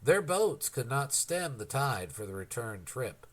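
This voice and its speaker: A man narrating a novel as an audiobook in an expressive storytelling manner. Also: medium pitch, measured pace. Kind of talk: scripted narration.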